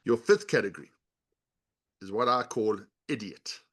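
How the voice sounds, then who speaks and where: A middle-aged man speaking as an interview guest at an ordinary pitch. He teaches in a steady, instructive way, walking through everyday examples and demonstrations. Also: normal speed. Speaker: guest, body language author and leadership coach. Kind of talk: explanatory interview talk.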